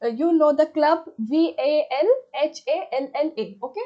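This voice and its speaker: Young female book vlogger, excitable and gushing, slightly high voice, muffled lo-fi recording. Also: normal speed. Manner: gushing, excitable, many fillers. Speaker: book reviewer. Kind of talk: casual book review vlog. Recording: slightly dull lo-fi audio.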